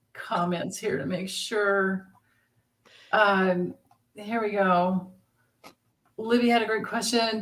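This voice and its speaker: A woman doing a tarot reading livestream, chatting casually, laughing often, and reading out viewers' comments. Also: medium pitch. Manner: giggly, reads out chat comments. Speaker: tarot reader.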